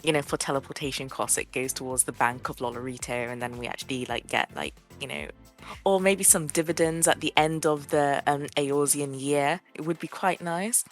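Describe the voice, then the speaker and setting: A woman's voice: low voice, lively intonation, fairly quick, faint music behind. A woman chatting on a casual podcast, full of likes and you knows.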